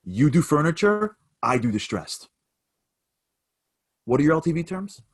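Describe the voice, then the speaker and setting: Man acting out a mentor-like billionaire, big swings up in pitch, husky edge. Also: very animated, a little slow, full character voice. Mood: brisk. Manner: reassuring, then rising to insistent lecturing. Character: older male billionaire investor, calm then emphatic.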